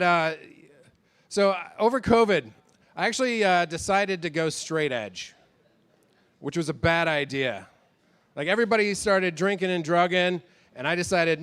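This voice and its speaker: Guy doing stand-up, kinda high voice, rambly, swears a lot, laughs at his own bits. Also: a bit bright, smooth. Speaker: stand-up comedian. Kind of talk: stand-up set.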